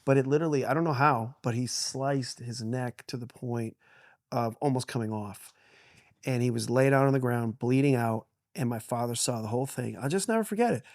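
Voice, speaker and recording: A middle-aged man, a pastor, telling a family story on a podcast with animated delivery and frequent laughs. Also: mid-range voice, brisk, no echo, clean studio sound. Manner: animated, laughs often, acts out quotes.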